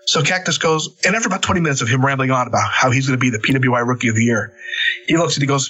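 A man casually telling wrestling-road stories, animated and cursing, acting out the quotes. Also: mid-range voice, rapid-fire, breathy edge, muffled recording. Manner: animated, swearing, acts out quotes. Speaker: podcast guest, former wrestler. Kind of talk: casual storytelling.

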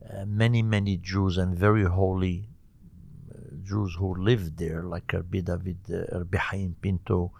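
An older man from Morocco, a cantor being interviewed, telling stories in a halting, earnest way with many restarts. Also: low voice, flat delivery, vocal fry, husky. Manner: halting, repeats and restarts words, warm and earnest. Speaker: cantor, guest. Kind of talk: conversational storytelling interview.

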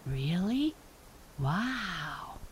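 High, wonder-struck young critter voiced by a woman for a storybook, unhurried. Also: sing-song, slight background noise, heavily acted.

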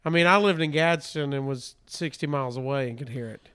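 A man's voice: mid-range voice, fairly quick, bright, forceful tone, clean tone. A man, a radio host in casual chat, tossing in playful quips. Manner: playful interjections, mock British quips.

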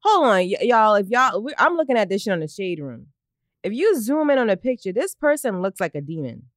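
A woman co-hosting a casual podcast, talking in an animated way, swearing and laughing often. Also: medium pitch, a little fast, no echo, studio quality. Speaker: podcast co-host. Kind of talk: casual chat.

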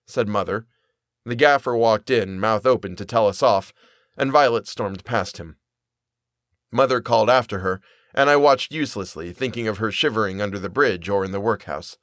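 A man reading a period story aloud as narrator, in an expressive, measured way. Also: lowish voice, no echo, studio quality. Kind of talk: audiobook reading.

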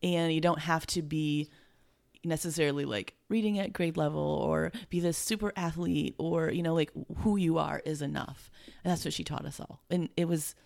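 A middle-aged woman with a low voice and a gravelly edge talks as an interview guest. She speaks from the heart, emotional and halting, and often breaks off and restarts. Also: steady tone, a little mellow. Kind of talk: heartfelt conversation.

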